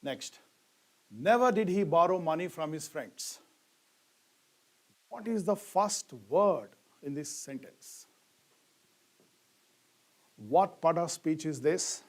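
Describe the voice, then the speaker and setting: A man's voice: fairly high pitch, lively intonation, slow pace, long pauses. A middle-aged man, teaching a grammar lesson and asking the class questions that he then answers himself, leaning hard on key words. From India.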